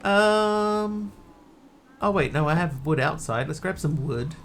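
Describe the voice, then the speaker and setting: A man's voice: fairly high pitch, lively intonation, slow, fairly bright tone, slight background noise. A man streaming a game, chatting casually in a rambling, wry way. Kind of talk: casual gameplay chat.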